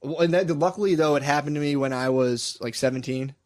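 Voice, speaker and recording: A man's voice: on the high side, fairly quick, a little mellow. A young man co-hosting a podcast, telling rambling, profane stories in casual chat and laughing often. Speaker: podcast co-host.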